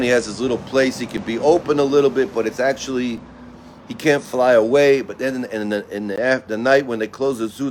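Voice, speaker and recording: A man tells an animal fable in a loose, conversational way, sometimes stumbling and repeating words. His pitch sits in an ordinary middle range. A faint background hiss lies under the voice. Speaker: storyteller. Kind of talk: casual spoken fable.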